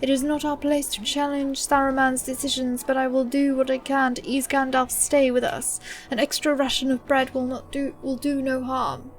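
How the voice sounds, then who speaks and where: Woman as an earnest, formal young steward, soft-hearted, over light game music. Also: high voice, little pitch movement, normal speed, few pauses, natural voice. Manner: earnest, pleading, formal speech.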